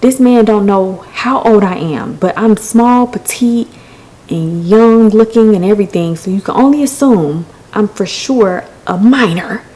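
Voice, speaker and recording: A woman's voice: mid-range voice, a little slow, mellow, rough recording. A woman hosting a podcast, telling a personal story in a candid, emotional way with some swearing. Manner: candid, profane, emotional retelling. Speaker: podcast host.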